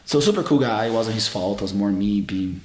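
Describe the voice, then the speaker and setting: A man's voice: on the low side, a little fast, slight background noise. Earnest man telling stories, roomy sound. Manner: earnest, expressive storyteller with non-native English phrasing. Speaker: jiu-jitsu champion and guest. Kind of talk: casual storytelling interview. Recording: roomy echo.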